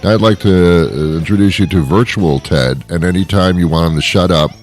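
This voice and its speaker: A man's voice: deep voice, normal speed, soft background music. A man hosting a radio show, delivering a rambling comedic monologue with dry jokes and chuckles.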